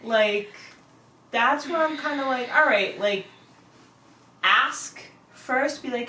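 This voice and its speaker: A young woman co-hosts a casual podcast, talking in an animated, rambling way full of fillers. She sits a bit back from the microphone, and the room echoes around her. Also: a little high, slow, pauses often, recorded from a distance, slight background noise. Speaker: podcast co-host. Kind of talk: casual chat. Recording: echoey room, away from the mic.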